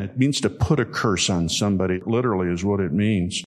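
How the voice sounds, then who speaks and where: A man giving a sermon, telling stories in a folksy way and repeating key lines slowly for emphasis. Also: sits low. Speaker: preacher.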